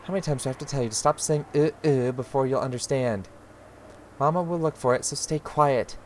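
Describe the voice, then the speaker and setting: A man's voice: mid-range voice, lively intonation, moderate pace, slight background noise, close to an everyday voice. A man voicing an irritated mother who scolds her daughter with growing exasperation. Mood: scolding. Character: irritated mother, sharp, losing patience. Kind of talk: reading a visual novel aloud.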